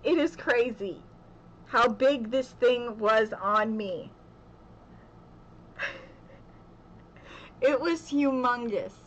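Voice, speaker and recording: A woman's voice: a little high, drawn-out words, long pauses, a little hiss or hum. Chatty young woman, muffled home vlog. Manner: chatty, laughs often, repeats "okay". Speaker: vlogger. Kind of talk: casual storytime vlog.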